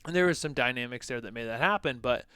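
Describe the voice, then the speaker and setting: A man's voice: medium pitch, fast talker, bright, forceful tone, clean tone, no echo. A man co-hosting a podcast, telling a personal story in a loose, conversational way with lots of "like" and "you know". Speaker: podcast co-host.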